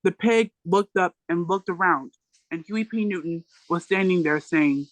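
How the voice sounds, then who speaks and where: A book club reader works through a memoir aloud at a plain, steady pace, pausing now and then to fix a slipped word. The voice sits in an ordinary middle pitch. The sound is dry and close, with no room around it. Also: no echo, rough recording. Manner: plain steady reading with occasional self-corrections.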